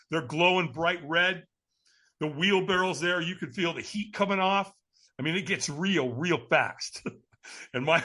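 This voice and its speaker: Animated storytelling man, high and lively. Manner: energetic, emphatic, laughs often. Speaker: guest speaker.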